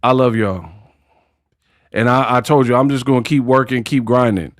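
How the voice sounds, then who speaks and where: A man hosting a boxing livestream, ranting in an animated, mocking, slangy way. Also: medium pitch, normal speed, no echo, studio quality. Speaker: boxing commentary livestream host. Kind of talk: casual livestream rant.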